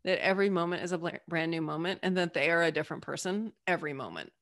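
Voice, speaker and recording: A woman chatting as a podcast guest, animated and emphatic as she explains ideas and acts out little quoted voices. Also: on the low side, very fast. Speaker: podcast guest, Human Design reader. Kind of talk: casual podcast conversation.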